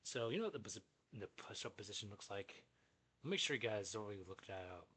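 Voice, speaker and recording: A young man with a husky, breathy voice tells a story in casual vlog fashion. He is animated and profane, and he keeps jumping into side remarks before getting back on track. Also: on the low side, a little fast. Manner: animated, profane, jumps between asides. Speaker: vlogger.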